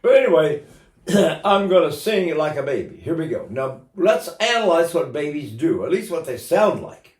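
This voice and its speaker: A man's voice: a little high, very animated, normal speed, darkish tone. A man in his eighties giving an informal singing lesson as a voice teacher, talking in a chatty way with joking asides. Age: 80s. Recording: roomy echo.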